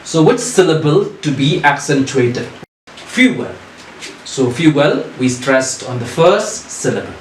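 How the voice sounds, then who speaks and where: A man teaching a recorded lesson, asking questions and answering them himself in a deliberate way. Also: medium pitch, lively intonation, slight background noise. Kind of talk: recorded online English lesson. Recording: echoey room.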